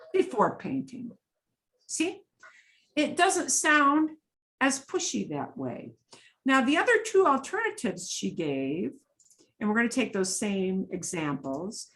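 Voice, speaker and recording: Female Spanish teacher, middle-aged, unhurried and patient, lots of rise and fall in her voice. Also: on the high side, fairly bright tone. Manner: switches between Spanish and English, patient and explanatory. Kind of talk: online language lesson.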